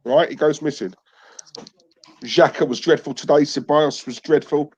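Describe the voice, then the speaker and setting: Bloke hosting a footy chat, blunt and honest, sighs a lot, muffled lo-fi audio. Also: male voice, fairly high pitch, fairly even intonation, moderate pace, a little mellow, breathy edge. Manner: frank, repeats "let's be honest", sighs. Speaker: fan channel host. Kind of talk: casual football chat. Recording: dull, lo-fi sound.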